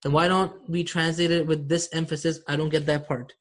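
A man's voice: a little high, little pitch movement, brisk. A man teaching an online Arabic grammar class, explaining patiently and often checking that students follow.

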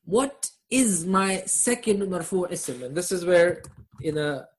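A man's voice: high-pitched, animated, takes it slowly, a little hiss or hum. Guy teaching grammar online over a video call, asks the class questions, chuckles at his own jokes. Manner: quizzes students, jokes and laughs at his own jokes.

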